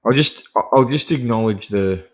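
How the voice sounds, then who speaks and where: A man's voice: mid-range voice, moderate pace. A man hosting a podcast, casually recapping a film in a profane, laughing, rambling monologue. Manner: chatty and profane, laughing often; digressive, full of fillers and restarts. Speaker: podcast host.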